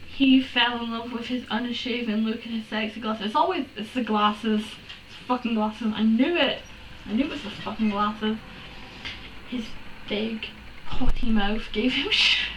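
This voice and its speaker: A woman reads a story aloud and keeps interrupting it with exasperated, sarcastic, foul-mouthed commentary. Her voice sits on the higher side. She sounds distant from the mic in an echoey room, with a faint hiss behind her. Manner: exasperated, sarcastic, swears and laughs. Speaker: fanfiction reader. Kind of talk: comedic dramatic reading with commentary.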